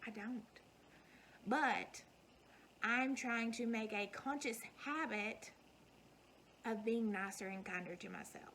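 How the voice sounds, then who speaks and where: A woman's voice: fairly high pitch, slow, pauses often, fairly bright tone, a little hiss or hum, rough recording. A woman, giving an earnest, folksy motivational talk to her viewers. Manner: earnest, folksy, emphatic repetition. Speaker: vlogger.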